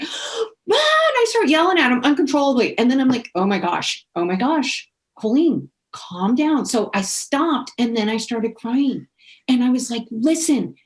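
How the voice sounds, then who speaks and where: Higher-voiced woman telling a story. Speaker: podcast co-host. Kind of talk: casual podcast conversation.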